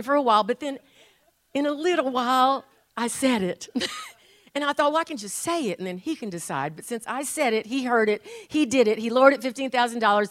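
An older woman preaching a sermon, folksy and animated, laughing at her own stories. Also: fairly high pitch. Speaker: pastor.

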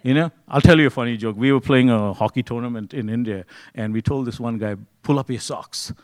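A man preaching a conversational sermon, joking and swinging between loud, excited bursts and hushed, quiet stretches. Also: mid-range voice, quick pace, no room sound.

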